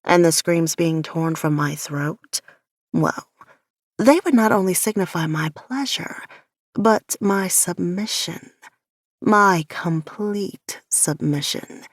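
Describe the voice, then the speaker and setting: Woman reading an audiobook, slow and measured, kinda low voice. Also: no echo, studio quality. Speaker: audiobook narrator. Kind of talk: first-person audiobook narration.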